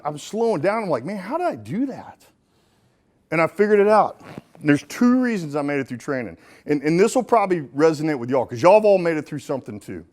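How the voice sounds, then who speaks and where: Folksy, joking man giving a keynote. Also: fairly high pitch. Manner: folksy and joking, swinging between punchy and hushed. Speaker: motivational speaker. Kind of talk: live keynote speech to an audience. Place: stage in front of a live audience.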